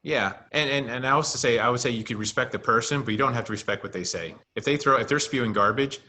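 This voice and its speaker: A man with a bright, forceful tone and a middle-range pitch, talking over a video call. He states his views firmly and plainly, in a matter-of-fact way. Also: quick pace. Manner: firm, matter-of-fact, opinionated. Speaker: podcast co-host. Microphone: video call mic.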